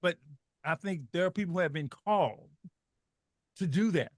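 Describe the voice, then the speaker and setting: A man's voice: high voice, moderate pace, dry recording, clean studio sound. A middle-aged man talking with passion on a radio show, often repeating and restarting his words. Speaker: guest. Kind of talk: impassioned radio talk.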